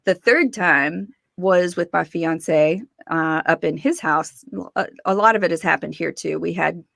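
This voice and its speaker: A woman, a guest in an interview, telling her story in a lively way and acting out the voices of people she quotes. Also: on the low side, measured pace, gravelly, dry recording, clean studio sound. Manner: animated, acts out quoted voices, laughs often.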